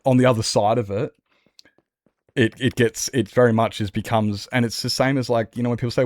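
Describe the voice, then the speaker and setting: Male game streamer, casual rambling chat, mid-pitched voice, dry close sound. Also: fairly even intonation, fairly quick, a little mellow, no echo. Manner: rambling, answers chat, trailing restarts. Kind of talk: casual chat while gaming.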